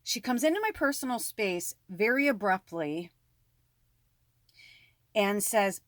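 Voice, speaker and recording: A woman telling a personal story to her viewers in a casual, animated way, with lots of fillers and frequent swearing. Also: mid-range voice, a little slow, dry recording, clean studio sound. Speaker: spiritual medium.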